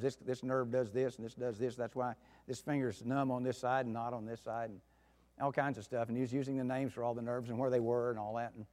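A man preaching a sermon in a folksy storytelling way, with soft asides and loud outbursts. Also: medium pitch. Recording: long hall reverb.

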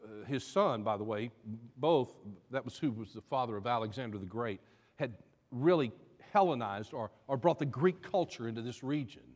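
A man's voice: mid-range voice, expressive, moderate pace, darkish tone, in a large hall. A man preaching a sermon as pastor, building to emphatic bursts and telling a joke along the way.

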